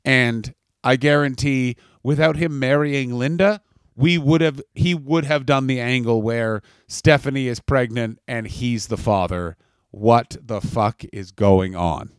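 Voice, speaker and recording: A man's voice: mid-range voice, measured pace, clean tone, no room sound. A man co-hosting a podcast in casual chat, swearing freely and riffing into mock announcements. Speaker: podcast co-host.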